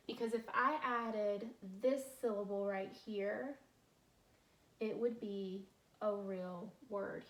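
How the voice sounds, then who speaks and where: A woman teacher, slowly sounding out word parts in a phonics lesson for young children and praising them. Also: mid-range voice. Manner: slow, clear sounding-out of word parts, encouraging.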